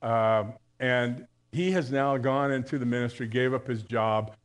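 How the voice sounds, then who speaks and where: A man's voice: mid-range voice, measured pace, smooth. A male pastor giving a live church sermon in a conversational way, telling jokes and often restarting his sentences. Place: church service.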